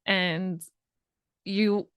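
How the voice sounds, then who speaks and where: A woman's voice: mid-range voice, steady tone, extremely slow, clean tone, no echo, highs cut off. A woman co-hosting a parenting podcast, talking candidly about her own struggles as a mother. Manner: candid, chatty, self-deprecating. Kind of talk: casual podcast chat.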